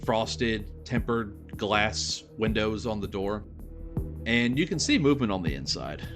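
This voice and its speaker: Low-voiced man narrating a tabletop game. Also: a little slow. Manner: descriptive, relaxed, with fillers. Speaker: game master. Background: music.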